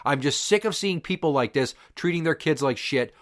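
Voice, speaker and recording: A man's voice: fairly high pitch, animated, normal speed, a bit bright. A man and father hosting a podcast, delivering an angry, profane and emphatic solo rant. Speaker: podcast host.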